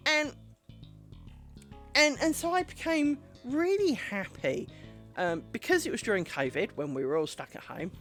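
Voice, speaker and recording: A woman streamer telling a rambling, animated story in casual chat while she works on a craft. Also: fairly high pitch, unhurried, soft background music.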